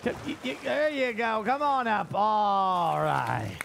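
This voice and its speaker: High, excitable man yelling orders over game music. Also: slow, vocal fry. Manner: bossy, excitable, yells orders at crew. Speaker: game streamer and ship captain. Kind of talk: excited casual gaming banter.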